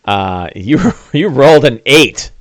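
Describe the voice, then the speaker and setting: A man narrating a tabletop fantasy game as game master, telling the scene in an animated way with fillers and asides. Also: medium pitch, takes it slowly, dry recording.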